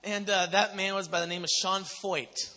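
Bright high-voiced man preaching in a hall. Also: moderate pace. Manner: animated storyteller who acts out quotes. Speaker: pastor. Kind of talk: sermon testimony to a congregation. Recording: long reverb of a large hall.

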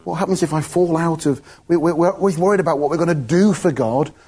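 A man's voice: on the high side, quick pace, mellow, breathy edge. A man giving an informal, chatty sermon, often laughing between his points. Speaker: preacher.

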